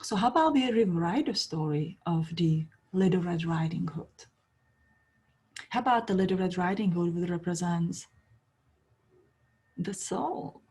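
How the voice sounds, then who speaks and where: Soft-spoken, breathy woman teacher. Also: lowish voice, poor audio. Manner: soft-spoken, storytelling, non-native grammar. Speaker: spiritual teacher. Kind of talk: spiritual talk.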